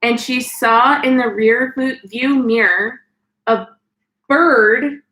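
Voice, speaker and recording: A woman co-hosting a casual live chat, speaking slowly and mostly chiming in with short replies. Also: fairly high pitch, bright, forceful tone, echoey room, faint music behind, rough recording. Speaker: co-host of a live stream.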